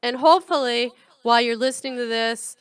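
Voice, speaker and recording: A woman's voice: a little high, brisk, smooth, no echo. A middle-aged woman hosting a comedy podcast, talking frankly and chattily in a casual monologue and laughing often. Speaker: podcast host.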